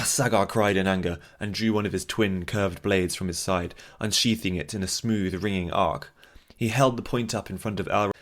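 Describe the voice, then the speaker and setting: A man narrating a fantasy audiobook in a steady, measured storytelling voice. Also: low voice.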